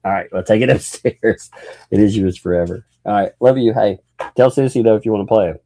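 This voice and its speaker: A man's voice: lowish voice, fairly even intonation, fairly quick, warm tone, dry recording. A father hosting a casual livestream, playfully joking and laughing while he talks with his young daughter. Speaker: livestream host.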